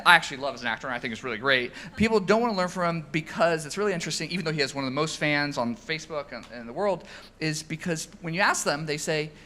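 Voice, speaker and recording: A man, a company founder, telling stories at an onstage interview, animated, with many ums and restarts. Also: fairly high pitch. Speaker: founder and CEO. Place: event stage before an audience.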